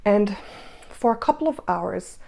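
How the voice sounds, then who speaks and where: A woman's voice: mid-range voice, animated, unhurried, gravelly, mellow. A woman hosting a spiritual energy-update monologue, emphatic, repeating her phrases and asking rhetorical questions. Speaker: spiritual channel host.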